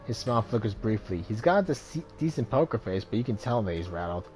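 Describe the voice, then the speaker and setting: A man's voice: on the low side, sing-song, a little fast, few pauses, darkish tone, faint music behind. A man hosting a let's play and reading the game's text aloud, often stumbling and correcting himself.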